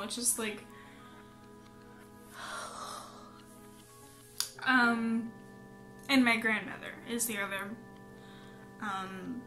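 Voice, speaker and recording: A young woman speaks slowly and haltingly to camera from her home office, filling pauses with ums. She sounds close to tears and keeps apologizing. Her voice sits a little high, with faint music playing underneath. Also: sharp tone. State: holding back tears. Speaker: vlogger. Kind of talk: casual talk to camera.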